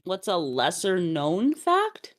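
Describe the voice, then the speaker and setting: A Canadian woman chatting casually as a guest, animated and quick to laugh. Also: fairly low pitch. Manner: animated, laughs often, mock-outraged outbursts. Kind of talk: casual chat.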